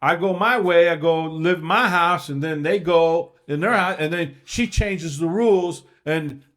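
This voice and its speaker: A man's voice: on the high side, measured pace, fairly bright tone. A middle-aged man co-hosting a podcast, telling stories in casual chat and acting out quoted dialogue. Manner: storytelling, acts out quoted dialogue. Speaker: podcast co-host.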